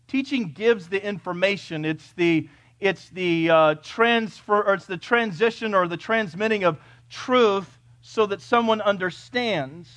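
A male pastor preaches emphatically to a congregation in church, firing off rhetorical questions and swinging between loud declarations and hushed points. His voice is high, and there's no room sound.

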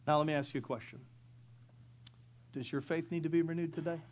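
A middle-aged man delivers a sermon from the pulpit. His voice sits a little high for a man, moving between hushed storytelling and surging, passionate preaching. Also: fairly even intonation, a little fast. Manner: storytelling, swelling to loud impassioned preaching. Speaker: pastor.

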